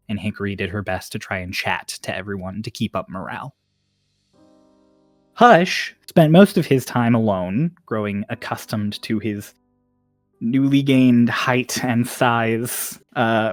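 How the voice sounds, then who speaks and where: A man with a low voice narrates a tabletop game as its game master, relaxed and casual with the odd filler. The sound is dry and close, and faint music plays underneath. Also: no room sound. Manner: relaxed, with fillers and light laughs.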